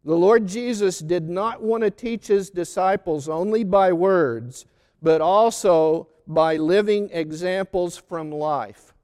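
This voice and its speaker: A man delivers a sermon with slow, deliberate phrasing, weighing each word. His voice sits high and comes through clear and smooth. Long reverb hangs behind him, as in a large church. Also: darkish tone. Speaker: preacher. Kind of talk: sermon on a Gospel reading.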